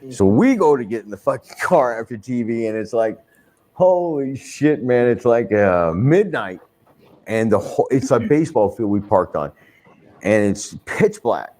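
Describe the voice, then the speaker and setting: A man's voice: mid-range voice, big pitch swings, moderate pace, a little mellow. Profane older man telling stories. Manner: profane, rambling, many restarts, swears freely. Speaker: wrestler telling a story in an interview. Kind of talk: anecdotal interview storytelling.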